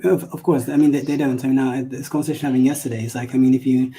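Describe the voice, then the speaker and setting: Fast-talking British man, husky and dark. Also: medium pitch, little pitch movement, poor audio. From London, UK. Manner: rapid, searching for words with many fillers. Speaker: guest. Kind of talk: casual interview talk. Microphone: video call.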